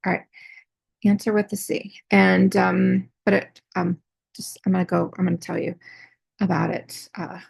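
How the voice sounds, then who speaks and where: Gravelly breathy woman rambling a story. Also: on the low side, level tone, moderate pace, no echo. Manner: rambling, many fillers and restarts. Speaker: artist vlogger. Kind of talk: casual personal storytelling.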